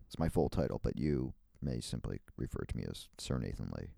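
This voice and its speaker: A man's voice: a bass voice, lively intonation, fairly quick, gravelly, few pauses, warm tone, no echo, studio quality. A man hosting a solo podcast, rambling in a playful, meandering way with frequent laughs and restarts. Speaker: podcast host.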